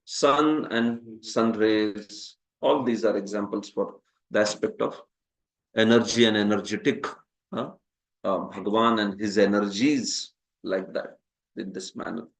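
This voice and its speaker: Low-leaning, gravelly, and unhurried, he keeps a steady tone. He's a Hindi speaker with an Indian accent giving a scripture lesson in lecture-and-question style, often prodding students with "huh?" and laughing at his jokes.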